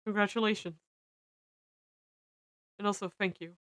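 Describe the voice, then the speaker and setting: A woman reading aloud the farewell letter of a gentle young man who is dying, in a soft, earnest way. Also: medium pitch, fairly even intonation, unhurried, no room sound, studio quality, natural voice. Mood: tender.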